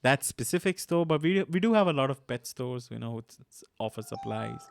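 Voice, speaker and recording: Smooth-voiced man hosting a podcast. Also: medium pitch, lively intonation, no echo, studio quality. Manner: laughs often, asks questions slowly and deliberately. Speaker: podcast host. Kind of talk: casual podcast chat.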